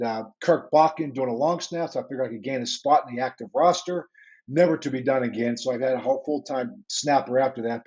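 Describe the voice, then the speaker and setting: In a storytelling interview, a former football coach in his sixties with a Pittsburgh accent spins animated anecdotes, acting out the exchanges he recalls. His voice is mid-range, and the recording has its highs cut off.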